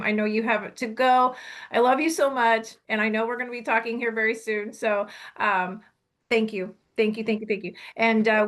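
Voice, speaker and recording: A woman's voice: fairly high pitch, a bit bright. A woman hosting a talk show, chatting casually and effusively, often repeating her thanks. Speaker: show host. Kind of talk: casual chat.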